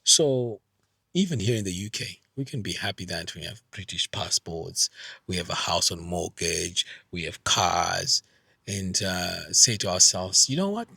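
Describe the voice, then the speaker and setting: A man's voice: deep voice, measured pace, vocal fry, pushed and bright, breathy edge, no echo. A middle-aged man from Zimbabwe giving an earnest, emphatic vlog monologue, often repeating his points. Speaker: vlogger. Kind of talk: earnest direct-to-camera monologue.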